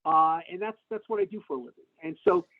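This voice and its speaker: A middle-aged man answers interview questions in a gravelly, somewhat high voice, rambling with lots of fillers and restarts. His pitch jumps around a lot. The audio is thin and tinny, as if it came through a video call. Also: fast talker. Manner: animated storytelling with frequent fillers and restarts. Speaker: tax lawyer, interview guest. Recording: tinny phone-like webinar audio.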